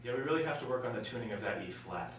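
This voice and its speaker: Measured man directing a choir from afar. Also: mid-range voice, lively intonation. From Indiana, US. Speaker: music education student playing a choir director. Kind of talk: role-played choir rehearsal with analysis. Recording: echoey room, voice from far off, faint hum.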